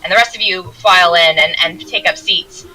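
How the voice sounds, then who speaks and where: A woman's voice: lowish voice, moderate pace, sharp tone, soft background music, low-quality recording. A woman narrating as game master in a tabletop game, rambling with restarts. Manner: rambling, many restarts and fillers.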